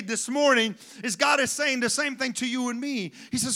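Bright high-voiced man preaching. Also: normal speed, few pauses. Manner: conversational preaching, rhetorical questions to the congregation. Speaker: pastor. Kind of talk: sermon.

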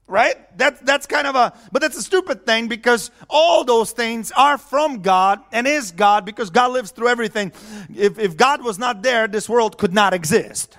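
A man's voice: extremely high pitch, animated, measured pace, fairly bright tone. A man preaching a sermon in a conversational way, chuckling often and asking the audience questions.

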